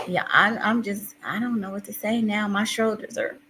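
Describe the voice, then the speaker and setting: A woman's voice: medium pitch, steady tone, normal speed, few pauses, sharp tone, a little hiss or hum, poor audio. A woman hosting a casual live stream, reading out viewers' chat messages. She talks emotionally in rambling restarts and calls herself a crier.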